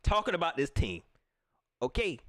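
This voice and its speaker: A man hosting a casual sports livestream, talking straight to his viewers in a somewhat high voice. His pitch leaps up and down constantly as he rants playfully and breaks into laughter. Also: normal speed. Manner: animated ranting, laughs often, talks to viewers. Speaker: sports talk show host.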